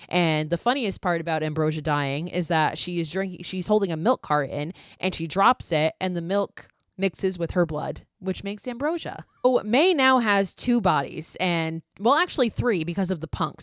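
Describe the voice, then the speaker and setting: A woman hosts a podcast and recaps a horror movie casually, leaning on "like" and dropping swear words. Her voice sits on the low side for a woman. She is close to a podcast mic in a dry, dead-sounding space. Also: dry recording. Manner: chatty, peppered with "like" and swearing. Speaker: podcast host.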